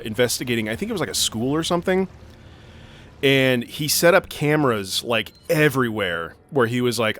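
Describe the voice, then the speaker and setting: A man's voice: mid-range voice, fairly bright tone, slight background noise. A young man co-hosting a gaming video, rambling through a long story full of fillers and swearing while he plays. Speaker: gaming channel co-host. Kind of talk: casual let's-play storytelling.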